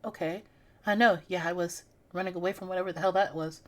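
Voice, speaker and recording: A woman streaming a story game, reacting with animated, sassy quips and reading the story text aloud. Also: on the low side, quick pace.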